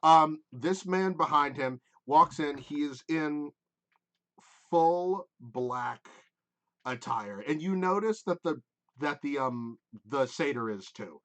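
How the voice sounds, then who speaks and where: Bright-voiced man narrating a tabletop game. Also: a little high, expressive, slow. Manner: rambling, lots of "like" and "um". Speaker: game master.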